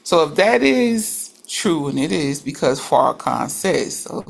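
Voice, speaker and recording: A woman's voice: deep voice, very animated, measured pace, creaky, husky. A woman in a religious study group, reflecting aloud in a casual discussion, with frequent restarts as she works through her ideas.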